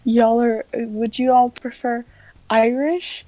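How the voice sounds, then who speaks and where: A woman's voice: a little high, fairly even intonation, slow pace, dark tone, slight background noise, rough recording. A woman playing a tabletop game, chatting casually in a playful way with frequent laughter and swearing. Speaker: player.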